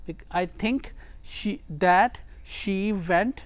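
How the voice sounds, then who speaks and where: Patient grammar teacher, repeats key words, unhurried delivery, dead-dry sound. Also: mid-range voice, no room sound. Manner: reads a phrase, then translates and explains it step by step; repeats words and phrases for emphasis. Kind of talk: Arabic grammar lesson.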